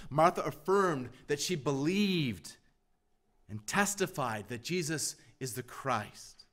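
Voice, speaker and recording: A man preaching a sermon as pastor, emphatic, pressing repeated questions and swinging from loud to hushed. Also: fairly high pitch, lively intonation, slow pace.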